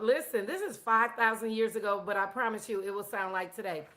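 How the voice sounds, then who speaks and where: A woman's voice: mid-range voice, brisk, few pauses, bright, forceful tone. Chatty woman teaching with stories. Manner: chatty, self-deprecating, repeats words. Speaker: teacher of a personal finance course. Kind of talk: casual storytelling lesson.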